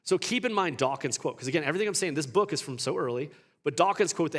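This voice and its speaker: A man's voice: a little high, expressive, quick pace, fairly bright tone. A man teaching a church apologetics class in a conversational way, asking rhetorical questions and often restarting his sentences.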